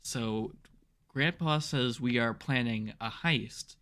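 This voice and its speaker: A young man co-hosting a podcast, improvising an absurd story in a deadpan way. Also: medium pitch, slow pace. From Canada. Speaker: podcast co-host.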